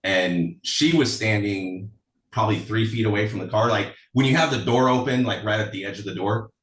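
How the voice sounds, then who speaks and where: A man with a lowish voice tells personal stories in a loose, chatty way, often stopping to laugh. He sits away from the mic, and the room adds a noticeable echo. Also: normal speed, fairly bright tone, far from the mic. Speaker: songwriter guest. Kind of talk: casual storytelling interview.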